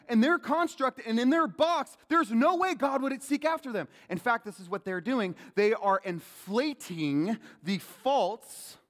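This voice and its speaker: High-voiced pastor preaching. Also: male voice. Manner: animated, calls out questions to the congregation. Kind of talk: sermon. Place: church sanctuary. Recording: long hall reverb.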